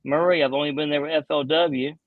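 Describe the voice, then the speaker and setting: A man who fishes bass professionally, chatting casually on a live stream and rambling with lots of fillers. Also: fairly even intonation, fast, no room sound, narrow, tinny audio. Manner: rambling, heavy on "you know" fillers.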